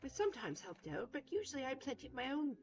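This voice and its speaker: A woman's voice: high voice, very animated, very fast, dull audio, soft background music, voice pushed up. A woman voicing a prim grown woman in a mock British accent, with a condescending tone but sincere words. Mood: polite. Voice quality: condescending tone, exaggerated posh diction.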